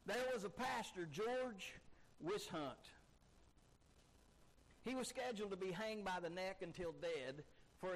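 A man's voice: high-pitched, low-quality recording. A man preaching a sermon emphatically, driving his points home with repeated rhetorical questions. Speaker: pastor.

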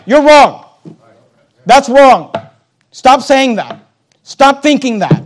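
Man, pastor, sermon, high voice, emphatic, repeats phrases, addresses congregation. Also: lively intonation, a little slow, pauses often.

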